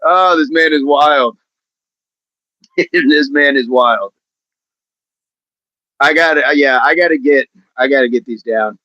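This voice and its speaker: A man's voice: mid-range voice, slow, long pauses, bright, forceful tone, dry recording. Middle-aged man, livestream host, casual chat, playful, laughs often, muffled lo-fi audio.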